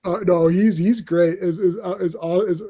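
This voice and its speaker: A man hosting a casual podcast chat, rambling excitedly and acting out scenes from movies he loves. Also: sits high, moderate pace. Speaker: podcast host.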